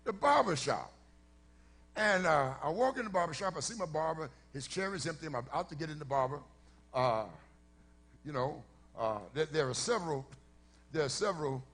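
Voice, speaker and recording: A middle-aged man, a pastor, telling a story in a sermon before his congregation, shifting from easy conversational talk to shouted preaching. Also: a little high, breathy edge. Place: church sanctuary before a congregation.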